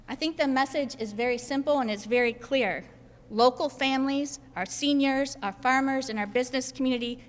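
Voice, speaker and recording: A woman's voice: a little high, fairly quick. Emphatic woman senator in a reverberant hall. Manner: emphatic, builds points in repeated lists. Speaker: state senator. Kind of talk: political press conference speech. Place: indoor government building hall.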